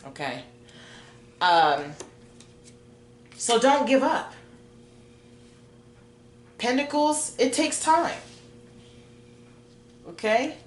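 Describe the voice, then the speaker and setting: Slow, encouraging woman reading tarot. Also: a little high, sing-song, reverberant. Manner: chatty, encouraging, slow and drawn-out. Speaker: tarot reader.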